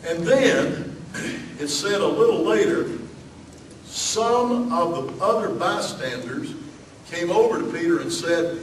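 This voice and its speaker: A man's voice: high-pitched, expressive, slow pace, reverberant, distant mic, a little hiss or hum, low-quality recording. A man from Alabama with a Southern accent, preaching a sermon as pastor in a folksy way, with lots of fillers and asides.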